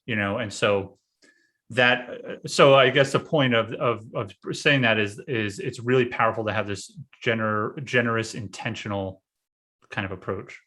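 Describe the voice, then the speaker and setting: A man with a lowish, forceful and bright voice talks in a casual podcast conversation. He hesitates often, restarting phrases and filling pauses with ums and likes as he works out his thoughts. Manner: halting, many fillers and restarts. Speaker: podcast host, guest this episode.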